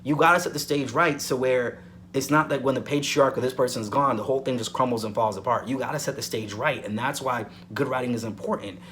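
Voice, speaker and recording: Male vlogger at a mid pitch, reviewing soaps casually; rambles, hedges with "um", and hammers points home by repeating them. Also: fast, fairly bright tone, a little hiss or hum. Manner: rambling, emphatic repetition, frequent "um". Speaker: soap opera reviewer. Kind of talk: casual weekly review commentary.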